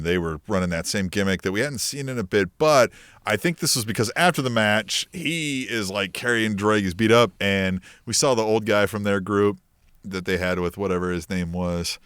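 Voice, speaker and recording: Here a man speaks at normal speed in a low, resonant voice, clear and free of echo. He's a podcast co-host going over wrestling matches in a relaxed way, lively as he performs the wrestlers' lines, with some cursing mixed in.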